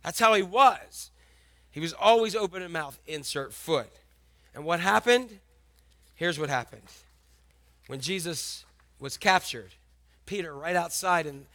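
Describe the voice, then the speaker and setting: A male pastor delivering a sermon with lively energy, driving points home by repeating them. His voice sits high for a man and rings bright and forward. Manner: animated, emphatic, repeats key lines.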